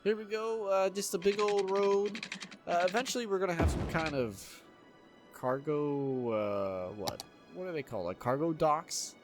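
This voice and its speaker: An excitable man narrates his city-building gameplay in a lively, swooping voice, swearing freely and laughing between lines. Faint music plays behind him. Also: on the high side. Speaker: gameplay video host. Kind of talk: casual let's-play commentary.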